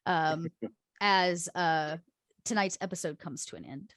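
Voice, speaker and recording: Low-voiced woman game master. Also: moderate pace, fairly bright tone, no room sound, studio quality. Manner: descriptive, with frequent fillers. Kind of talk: narrating a tabletop game.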